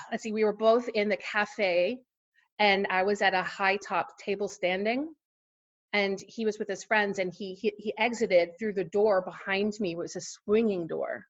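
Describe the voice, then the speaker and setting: A woman's voice: medium pitch, steady tone, a little slow, highs cut off. A woman in her forties, a podcast guest, telling a personal story in casual interview chat with lots of fillers and laughter. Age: 40s.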